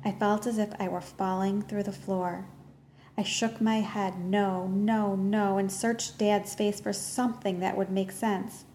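A woman narrates a first-person novel in a measured, earnest storytelling voice. Her reading has the steady pace of an audiobook, with a faint hiss in the background. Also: mid-range voice.

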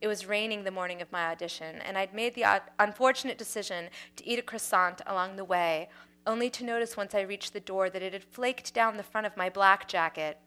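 A woman's voice: mid-range voice, a little fast, pushed and bright, smooth. Wry woman reading her own story. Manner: wry, dry humor. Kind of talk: reading a personal story aloud.

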